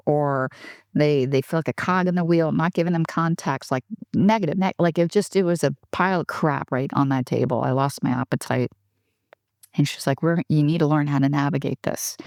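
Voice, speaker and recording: Low-voiced, candid woman telling stories. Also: darkish tone, no room sound, studio quality. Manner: frank, self-deprecating, laughs often, acts out dialogue. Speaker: guest, HR executive. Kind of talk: candid podcast storytelling.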